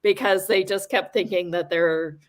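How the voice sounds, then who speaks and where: A woman's voice: medium pitch, steady tone, normal speed, a crowd in the background. A woman hosting a talk show, chatting casually and thinking aloud with many fillers. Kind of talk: casual chat.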